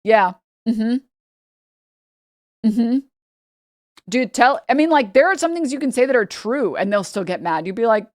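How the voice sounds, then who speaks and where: Woman, from New York, streamer, casual commentary, emphatic, dry close sound, middle pitch. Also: dry recording. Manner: emphatic, repetitive, swings loud for effect. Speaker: streamer reacting to clips.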